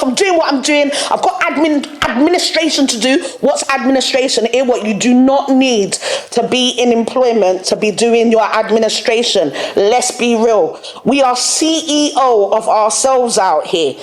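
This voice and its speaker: A young woman hosting a solo podcast, animated and direct, laughing often and using plenty of slang. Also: high voice, roomy sound. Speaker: podcast host. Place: studio room.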